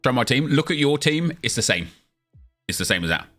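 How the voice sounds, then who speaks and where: A man's voice: mid-range voice, very animated, a little fast, sharp tone, faint music behind. A young man chatting casually on a live stream, answering viewer questions as he plays a football game.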